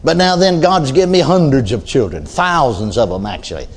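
A man's voice: medium pitch, animated, fairly quick. An older man preaching a sermon in a folksy storytelling way, often adding amens and hallelujahs.

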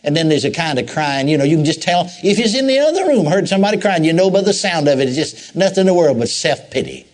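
Animated folksy male preacher. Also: on the high side, fast, hardly any pauses. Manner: folksy storytelling with repeated phrases and asides. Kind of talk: sermon.

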